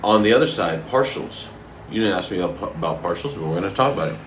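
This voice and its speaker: A man coaching fitness and answering viewers' questions in a relaxed, casual way while eating, sometimes talking with his mouth full. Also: low voice, slight background noise. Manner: relaxed, talks with his mouth full, pauses mid-sentence.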